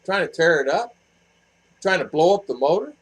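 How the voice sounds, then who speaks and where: A man's voice: on the high side, animated, moderate pace, breathy edge, low-quality recording. An older man hosting a casual live stream from his home, reading chat messages and telling stories in a blunt, rambling way, repeating himself. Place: home in the Philippines.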